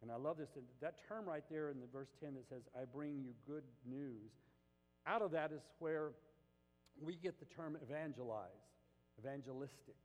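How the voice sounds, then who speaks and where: A man's voice: on the high side, moderate pace, long reverb tail, faint music behind, low-quality recording. A man preaching a sermon as pastor, impassioned, rising to emphatic peaks and acting out the voices he quotes.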